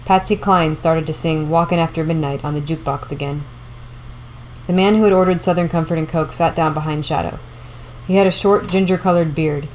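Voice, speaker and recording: A woman reading a novel aloud as audiobook narration, steady and measured. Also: low voice, slight background noise, low-quality recording. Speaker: audiobook reader.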